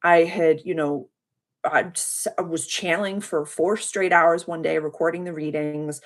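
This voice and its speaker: A woman chats casually on a livestream, her voice sitting a little low. She tells a long story in a heartfelt, rambling way, often stopping to thank her viewers. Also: fairly even intonation, measured pace. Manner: addresses viewers by name and thanks them warmly. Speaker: spiritual coach hosting a live members' call.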